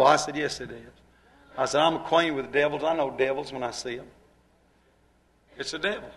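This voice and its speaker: High-voiced man preaching a sermon. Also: a little fast. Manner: dramatic preaching, swinging from hushed to loud, repeated rhetorical questions.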